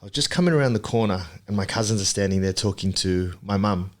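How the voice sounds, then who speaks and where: A man in his thirties from Papua New Guinea, a podcast guest telling his story in a relaxed, reflective way with many ums and restarts. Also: lowish voice, quick pace. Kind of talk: casual interview chat.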